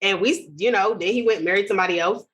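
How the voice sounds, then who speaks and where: A woman's voice: medium pitch, fairly bright tone, poor audio. A woman co-hosting a podcast in casual chat, ranting with strong opinions. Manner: opinionated, ranting, quick asides. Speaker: podcast co-host.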